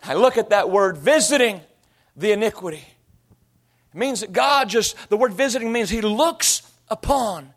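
A man's voice: sits high, expressive, moderate pace. A middle-aged man preaching a sermon, telling stories with acted-out quotes and sound effects. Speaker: pastor. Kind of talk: sermon with storytelling.

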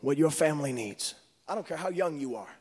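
A male preacher delivering a sermon, swinging from hushed whispers to shouting. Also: fairly high pitch, lively intonation, brisk, slightly rough. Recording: long reverb of a large hall.

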